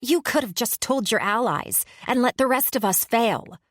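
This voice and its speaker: Narrator doing a mean brash canadian girl, taunting, pitched up and loud, dry audiobook sound. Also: normal speed, no echo, natural voice. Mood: scornful. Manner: taunting, scornful. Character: brash competitive young woman, scornful.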